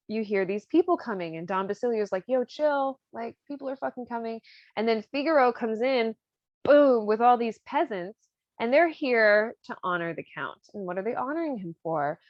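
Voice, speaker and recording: A woman's voice: mid-range voice, no echo. Young female podcast host, casual and irreverent, dry lo-fi recording. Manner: chatty and irreverent, with slang and swearing. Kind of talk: casual storytelling recap. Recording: dry, slightly dull lo-fi sound.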